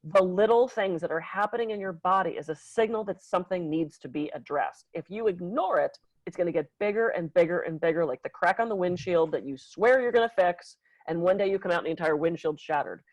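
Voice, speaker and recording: Woman, podcast co-host, animated storyteller, slightly low voice, dry close recording. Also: brisk, hardly any pauses, dry recording, lo-fi sound. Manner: animated, acts out quotes with big pitch jumps, laughs often. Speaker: podcast co-host, massage therapist. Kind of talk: casual storytelling.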